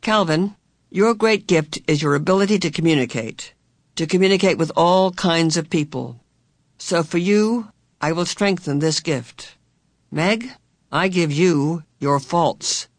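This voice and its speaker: A man voicing a kindly, motherly supernatural woman who speaks gently and reassuringly to children. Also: a little high, a little slow, no room sound, clean studio sound. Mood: gentle reassuring.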